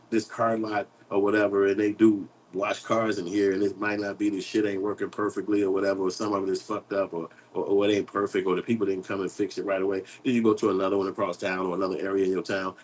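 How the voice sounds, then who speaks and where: A man's voice: on the low side, little pitch movement, quick pace, few pauses, a little hiss or hum, rough recording. A man hosting an online commentary show, talking in a blunt, profane, rambling street style while reading and answering chat.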